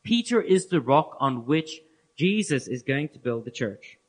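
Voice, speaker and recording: A man giving a Bible teaching talk, earnest and explanatory, who repeats key phrases and lets his phrase endings fall soft and low. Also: sing-song, a little slow. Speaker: preacher.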